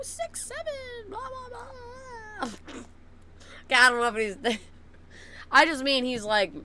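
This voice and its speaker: A young woman chatting casually with viewers, blunt and swearing, laughing often, cooing softly at her dogs. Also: on the high side, a little hiss or hum. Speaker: streamer.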